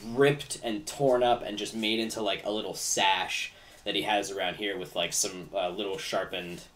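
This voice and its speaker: A man's voice: fairly low pitch, fairly even intonation, moderate pace, a bit bright, far from the mic, slight background noise. A man running a tabletop game as game master, narrating in a loose, rambling way full of "like" and "kinda". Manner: rambling, many fillers like "like" and "kinda".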